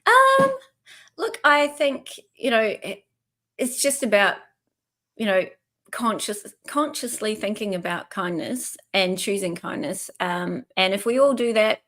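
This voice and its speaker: A woman's voice: medium pitch, big pitch swings, measured pace, pushed and bright. A woman from New Zealand with a mixed New Zealand and Australian accent, speaking earnestly as a guest on an online interview over a video call.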